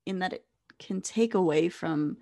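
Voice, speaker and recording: A young woman co-hosting a podcast in casual chat, animated, full of fillers and restarts, acting out quoted voices. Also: on the low side, a little slow, creaky, dry recording. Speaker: podcast co-host.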